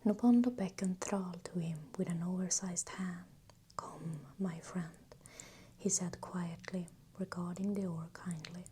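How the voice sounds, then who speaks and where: Whispered role-play: woman reader, close mic, dark mellow whisper, faint hiss underneath. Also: fairly low pitch, fairly even intonation. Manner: soft, unhurried reading. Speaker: ASMR reader. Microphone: new microphone, close.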